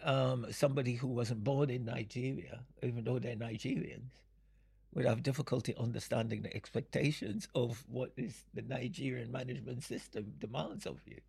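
An older man speaks in a deeply gravelly, very husky voice, with a rough edge running through his words. He answers audience questions slowly and haltingly, often stopping for a small chuckle. His pitch sits at an ordinary level. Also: a little mellow. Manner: unhurried, halting, explanatory, chuckles between points. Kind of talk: Q and A talk.

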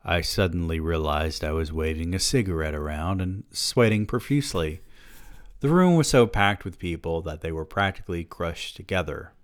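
Deep-voiced man reading a novel aloud. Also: moderate pace, dry recording, studio quality. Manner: wry, deadpan asides. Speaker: podcast host.

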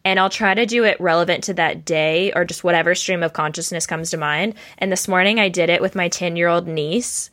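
A woman's voice: fairly low pitch, brisk, hardly any pauses, a bit bright. Here a woman hosts a podcast and chats with her guest in an upbeat, easy way. She talks ideas through on the spot as they come to her. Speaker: podcast host. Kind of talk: casual chat.

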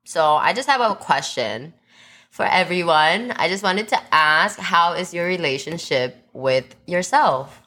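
Low-voiced woman co-hosting a chatty podcast. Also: animated, unhurried, sharp tone. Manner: candid, swears freely, laughs often. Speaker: podcast co-host. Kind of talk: casual chat.

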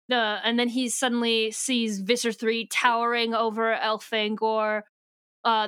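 A woman's voice: a little high, a bit bright, smooth, no echo. A woman co-hosting a casual book podcast, retelling the plot at length and reading passages aloud. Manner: rambling, with many fillers and restarts. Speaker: podcast co-host.

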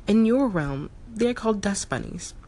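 A woman voicing a huge, aloof male cat-like spirit messenger who speaks in calm, cryptic pronouncements, for an audiobook story. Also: medium pitch, normal speed.

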